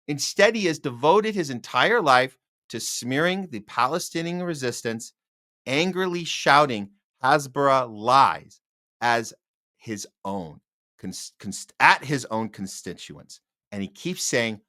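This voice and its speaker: A man's voice: on the high side, very animated, measured pace, bright, forceful tone. A man hosting a political podcast, reacting sarcastically and indignantly to the clips he plays. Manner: sarcastic, indignant, talking back to played clips. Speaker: podcast host. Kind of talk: political commentary.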